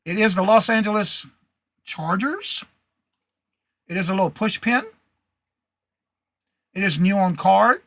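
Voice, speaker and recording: A high-voiced, bright and sharp-toned man hosts a live reseller show. He chats casually, reads out viewer comments and greets people by name. The sound is close and dry, with no room echo. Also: unhurried, long pauses. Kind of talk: casual live-stream chat.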